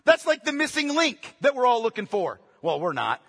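A man preaching a sermon, emphatic, repeating phrases for stress, shifting between hushed and loud passages. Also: very high-pitched, wildly swooping pitch, normal speed, vocal fry, slightly rough. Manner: swings from quiet to loud. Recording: long echo of a large hall.

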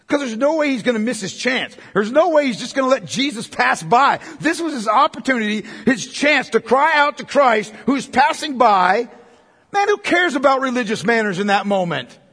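A man preaches from the pulpit in a high, husky voice, his words ringing out with a long hall reverb. He rises to impassioned near-shouts and then drops to hushed, intimate tones. It sounds like a sermon in a large church sanctuary. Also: expressive, normal speed. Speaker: pastor.

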